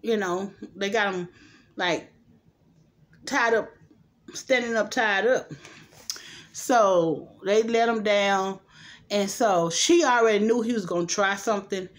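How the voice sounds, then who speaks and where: A woman's voice: mid-range voice, takes it slowly, long pauses. A woman casually retelling a movie plot for her vlog, rambling, laughing often and acting out the characters' lines. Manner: acts out quoted lines animatedly. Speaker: movie reviewer vlogger.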